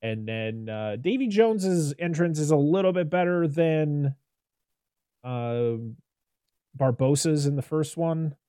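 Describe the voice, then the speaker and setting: A man hosting a casual podcast film review, rambling and animated with lots of restarts. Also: fairly high pitch, takes it slowly, clear, resonant tone, no room sound, studio quality. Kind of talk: casual chat.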